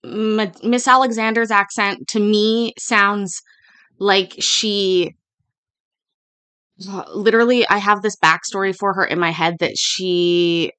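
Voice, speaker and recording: A woman's voice: medium pitch, steady tone, slow, sharp tone, smooth, no echo. A woman hosting a casual commentary over court footage, rambling with restarts and asides.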